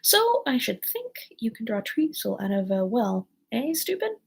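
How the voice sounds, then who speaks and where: Woman doing a rude smug hatter guy in a storybook, gravelly husky voice. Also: a little high, sing-song, unhurried, full character voice. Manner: sighing, rude, triumphant.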